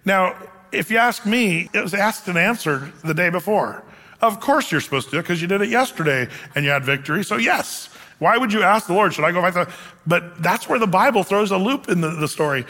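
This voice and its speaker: Guy pastor giving a laid-back sermon, kinda high bright voice, big echoey hall. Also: animated, fairly quick. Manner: conversational, explains scripture with casual asides.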